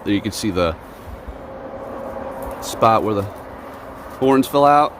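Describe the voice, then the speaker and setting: A man's voice: lively intonation, takes it slowly, background noise. A man filming a moose from his home in a casual vlog, chatting and sometimes talking to his dog. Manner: chatty, talks to his dog in a high playful voice. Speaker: vlogger.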